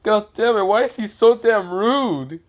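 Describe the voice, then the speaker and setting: A man's voice: very animated, normal speed. A man voicing a frustrated grown male ninja leader who whines in a raised voice. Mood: exasperated. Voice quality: high, whining complaints.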